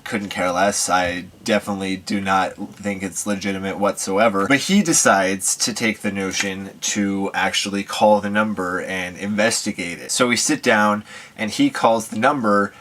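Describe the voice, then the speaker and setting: A man's voice: fairly low pitch, fairly even intonation, moderate pace, a bit bright, slight background noise. Young man telling a story to camera. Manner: rambling, filler-heavy, amused. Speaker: vlogger. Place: home.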